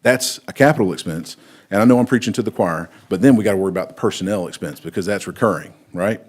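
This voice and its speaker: A man, chairing a county council meeting and explaining things in a measured way. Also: low voice.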